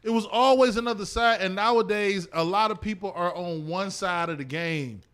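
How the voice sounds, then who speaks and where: A man hosting a casual podcast, talking in an animated way and trailing off mid-thought. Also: sits high, normal speed, smooth. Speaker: podcast host.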